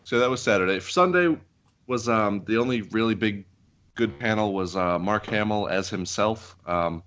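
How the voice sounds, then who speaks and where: Male podcast co-host, low voice, hesitant, dull lo-fi audio. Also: a bit bright. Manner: halting, full of ums and uhs. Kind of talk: casual chat. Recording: dull lo-fi sound.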